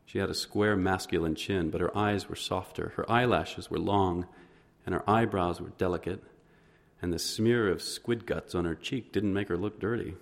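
A man narrating an audiobook in the first person, measured and understated. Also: low voice, steady tone, vocal fry.

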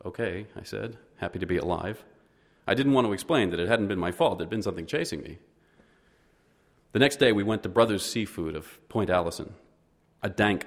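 A man with a very deep voice reads a first-person story aloud. His delivery is measured and understated, lingering on descriptive passages. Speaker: narrator. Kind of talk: audiobook narration, first person.

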